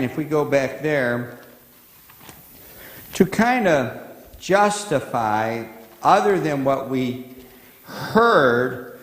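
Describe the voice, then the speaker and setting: A male pastor preaching a sermon in a church, talking conversationally and quizzing his congregation. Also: fairly high pitch. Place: church sanctuary. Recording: echoey church hall.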